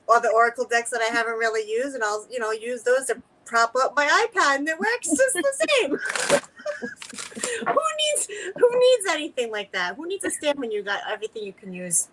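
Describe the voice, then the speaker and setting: A woman with a Boston accent chats casually as a guest on a live reading stream. She laughs a lot and tells her stories with lively energy. Her voice sits a little high. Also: normal speed, a little hiss or hum, rough recording. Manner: laughing, animated storytelling. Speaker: psychic guest. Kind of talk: casual chat.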